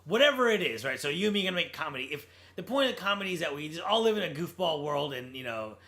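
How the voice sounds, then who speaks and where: High, bright-voiced man rambling casually. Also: very animated, quick pace. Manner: rambling, restarts a lot. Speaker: podcast co-host. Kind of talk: casual movie discussion.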